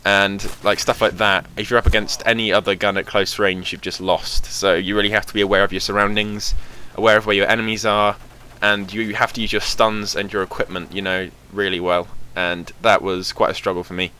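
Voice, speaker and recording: A man's voice: on the low side, little pitch movement, brisk, hardly any pauses, sharp tone, a little hiss or hum. A young man chatting casually over gameplay footage as host of his gaming channel, rambling with lots of fillers. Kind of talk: casual game commentary.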